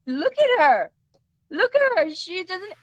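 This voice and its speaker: Combative high-voiced woman livestream host. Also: sing-song, slow pace, no room sound, dull audio. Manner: combative, mocking, repeats herself. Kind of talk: heated livestream commentary.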